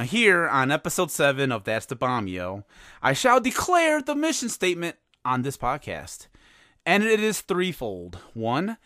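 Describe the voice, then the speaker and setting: A man's voice: medium pitch, fairly bright tone, dry recording, studio quality. A middle-aged man hosting a movie podcast, reading a scripted monologue in a wry, self-mocking way. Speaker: podcast host.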